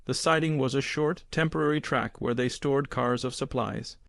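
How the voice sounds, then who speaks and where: Male narrator, grave measured audiobook reading, dry close mic. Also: medium pitch, vocal fry, fairly bright tone, no room sound. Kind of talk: scripted narration.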